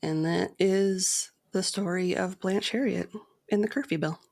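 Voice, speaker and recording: A woman co-hosting a podcast, reading a long poem and source quotes aloud in a measured storytelling cadence, then chatting casually. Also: medium pitch, steady tone, vocal fry, darkish tone. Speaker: podcast co-host.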